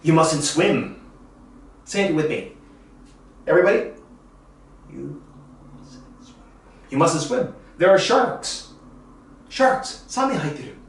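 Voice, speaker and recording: Slow, deliberate man teaching in an echoey room. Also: a little high, big pitch swings, far from the mic. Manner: slow, deliberate drilling of phrases. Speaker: English teacher. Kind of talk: classroom lesson demonstration.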